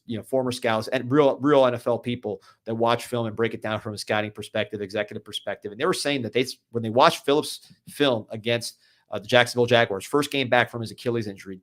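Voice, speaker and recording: Fast-talking man in sports chat. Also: medium pitch, a bit bright. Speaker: podcast co-host. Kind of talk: casual sports talk.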